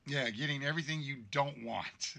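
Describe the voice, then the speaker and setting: A man's voice: medium pitch, moderate pace, vocal fry, sharp tone. A man hosting a game show livestream, chatting casually and rambling about being sick, his voice congested and worn by a cold. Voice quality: weakened, congested voice. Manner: rambling, apologetic storytelling.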